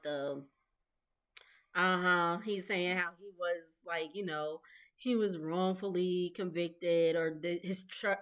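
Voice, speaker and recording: Chatty woman in her thirties. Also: on the low side. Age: 30s. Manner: chatty and gossipy, laughs often, mimics the cast. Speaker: recap vlogger. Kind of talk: casual reality TV recap.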